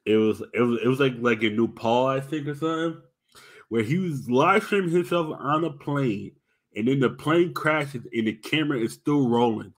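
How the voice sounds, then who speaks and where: A man's voice: medium pitch, normal speed. A young man co-hosting a podcast in crude, casual chat. He rambles and swears a lot. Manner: profane, rambling, excitable. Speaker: podcast co-host.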